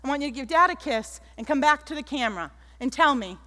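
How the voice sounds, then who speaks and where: A woman giving an animated keynote talk on stage, telling stories and acting out the people in them. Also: sits high, fast talker. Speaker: keynote speaker. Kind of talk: motivational stage talk with storytelling. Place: large auditorium stage. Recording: echoey auditorium.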